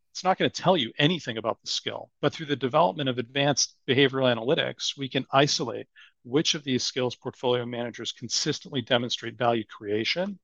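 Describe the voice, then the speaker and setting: A man's voice: medium pitch, gravelly, a bit bright, dry recording, muffled recording. A man with a Boston accent, a guest on a podcast interview, talking thoughtfully with many "you know" fillers. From Boston area. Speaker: guest, asset management strategist.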